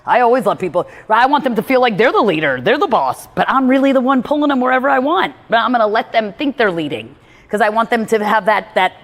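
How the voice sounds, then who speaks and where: Lively woman host giving a motivational talk, voice ringing with long reverb. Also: a little high, fast. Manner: animated, acts out quotes from others.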